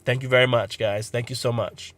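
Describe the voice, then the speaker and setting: A man's voice: medium pitch, steady tone, a little fast, fairly bright tone, no room sound. A man with a cold and a congested voice, hosting a motivational podcast and giving an earnest, encouraging talk to camera with many fillers. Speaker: podcast host.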